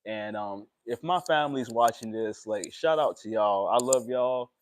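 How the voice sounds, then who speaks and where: A young man, talking emotionally and haltingly in a personal vlog, with many pauses and fillers. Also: mid-range voice. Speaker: vlogger.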